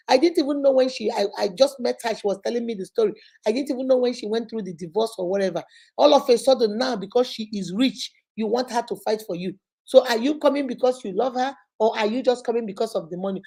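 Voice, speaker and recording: A woman counsels on relationships, telling stories and acting out the people in them. Her voice sits fairly high but has a mellow, dark tone. Her delivery is animated and preachy. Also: fairly quick, breathy edge. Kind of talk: storytelling advice talk.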